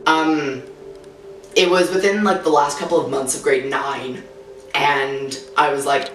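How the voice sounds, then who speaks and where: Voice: mid-range voice, fairly even intonation, a little slow, a little hiss or hum. A teenager speaking frankly in a casual interview, full of "like" fillers. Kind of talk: candid personal interview. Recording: roomy sound from a distant mic, faint music.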